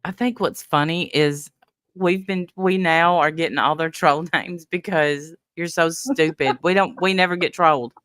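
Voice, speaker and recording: A woman's voice: low-pitched, moderate pace, a bit bright, dry recording, clean studio sound. A woman hosting her channel, chatting casually and teasing her critics with sarcasm. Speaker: channel host. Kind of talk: casual mocking chat.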